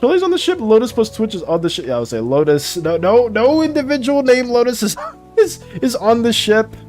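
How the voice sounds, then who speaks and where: A fairly high-voiced man chats loosely with his stream while drawing, his pitch swinging all over as he laughs and repeats himself. Soft music plays faintly underneath. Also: lively intonation, moderate pace. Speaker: art streamer. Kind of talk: casual livestream chat while drawing.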